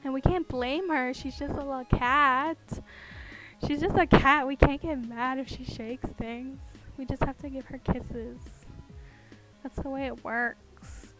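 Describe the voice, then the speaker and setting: Young woman, high voice, giggly, rambling casual chat, home desk, faint background music. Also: fairly even intonation, measured pace, a bit bright. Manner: chatty and giggly, rambling with many fillers. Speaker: streamer. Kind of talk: casual chat while carving pumpkins.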